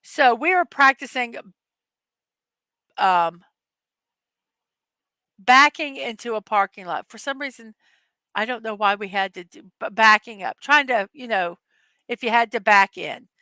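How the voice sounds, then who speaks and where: A woman's voice: on the high side, measured pace, long pauses, sharp tone, no echo. A middle-aged woman hosting a casual morning chat show, telling rambling stories and laughing often. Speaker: host.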